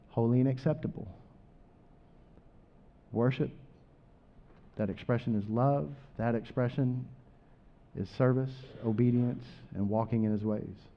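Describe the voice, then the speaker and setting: A man preaching a sermon, rising loud on scripture and dropping quiet for asides. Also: mid-range voice, lo-fi sound.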